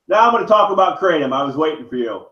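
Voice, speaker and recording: A man's voice: a little high, animated, fast talker, sharp tone. A man vlogger in pain, delivering a heated, profane, rambling rant to the camera. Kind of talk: angry direct-to-camera rant. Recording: echoey room, dull lo-fi sound.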